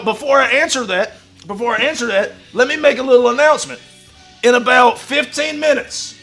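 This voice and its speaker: Gravelly, high-pitched brash wrestler man. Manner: boastful, profane, gravelly, bursts into shouting. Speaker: livestream host in a wrestler persona. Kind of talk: brash wrestling promo talk.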